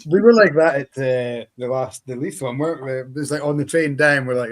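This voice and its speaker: A man's voice: mid-range voice, brisk, hardly any pauses. A man co-hosting a podcast, chipping in with brief jokes in casual chat. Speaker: podcast co-host.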